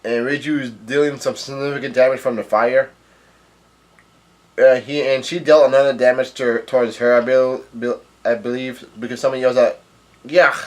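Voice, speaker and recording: A man hosting a casual reading recap of a manga, halting and stumbling over names as he narrates. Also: mid-range voice, flat delivery. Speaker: manga reader and video host.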